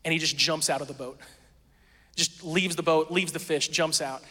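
A man's voice: a little high, steady tone, normal speed, sharp tone, big-room sound. A male pastor preaching a sermon in a conversational, storytelling way, acting out quoted voices.

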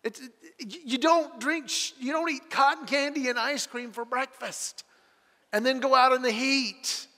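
A man preaching a sermon, telling stories and acting out the voices in them, swinging from loud bursts to quiet, earnest passages. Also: very high voice, moderate pace, big-room sound. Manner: animated storytelling, acting out voices with big swings in loudness. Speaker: pastor.

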